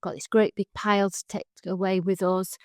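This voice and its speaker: A middle-aged woman, co-hosting a casual chat, animated and quick to laugh. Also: mid-range voice, clear, resonant tone, no echo, clean studio sound. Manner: chatty, laughs often, animated storytelling. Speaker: podcast co-host.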